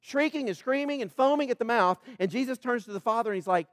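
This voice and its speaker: A man's voice: very high-pitched, quick pace, few pauses, a bit bright, no echo, studio quality. A man preaching a sermon, asking the congregation questions and acting out the people in the story. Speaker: pastor.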